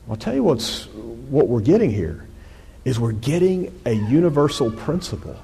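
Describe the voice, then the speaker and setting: A pastor preaching a conversational sermon, reading scripture aloud with rising force. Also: male voice, mid-range voice, sing-song, normal speed, creaky, dark tone, breathy edge. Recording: long hall reverb.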